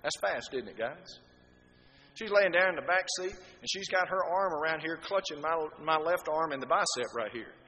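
A middle-aged man preaching a sermon, swinging from quiet explanation to loud, emphatic appeals. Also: fairly high pitch, expressive, moderate pace. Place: church hall. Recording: long hall reverb.

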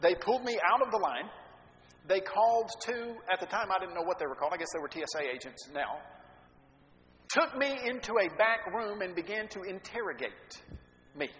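A man telling a story from the pulpit in an animated, self-mocking way. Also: high-pitched, fairly quick. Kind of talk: sermon storytelling. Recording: dull echoey hall recording, faint ambience.

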